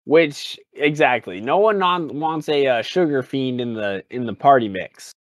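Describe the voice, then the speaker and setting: A man's voice: medium pitch, animated, a little slow, no echo. A man co-hosting a comedy podcast, talking in an exaggerated way and spinning absurd jokes. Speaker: podcast co-host. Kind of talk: goofy comedic podcast banter.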